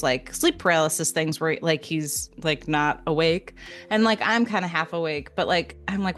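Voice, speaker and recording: A young adult woman telling a story on a podcast in a lively, chatty way, laughing often and filling gaps with fillers. Her voice sits fairly low for a woman, and faint music plays under her talk. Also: normal speed. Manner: animated, laughing retelling with many fillers. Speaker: podcast co-host. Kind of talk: casual storytelling chat.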